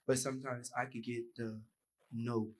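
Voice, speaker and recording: Over a rough recording, a young university student talks from the audience mic at a panel in a mid-range voice at normal speed. His delivery is flat, though he speaks earnestly and acts out bits of dialogue as examples.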